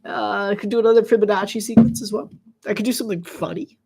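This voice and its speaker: A woman with a nasal voice giving casual live play-by-play commentary, jokey and laughing often, loud on big plays. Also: mid-range voice, steady tone, fast talker, vocal fry, very noisy. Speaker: sports commentator.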